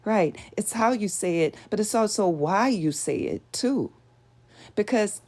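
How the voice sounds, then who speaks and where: A woman's voice: mid-range voice, expressive, a little slow, a little mellow. A woman hosting a show, teaching spiritual principles to a live audience in an earnest, conversational way and often asking them rhetorical questions.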